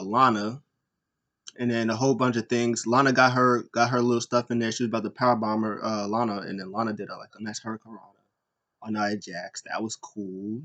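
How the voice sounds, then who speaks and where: Male host, casual recap, rambling delivery with restarts and fillers, mid-range voice. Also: medium pitch. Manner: rambling, animated retellings with frequent fillers and restarts. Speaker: podcast host.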